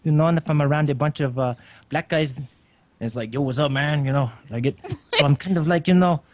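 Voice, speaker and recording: A man speaking on a headset as a comedy podcast guest, talking in a deadpan, rambling, mock-serious way. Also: on the high side, brisk. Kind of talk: improvised comic banter.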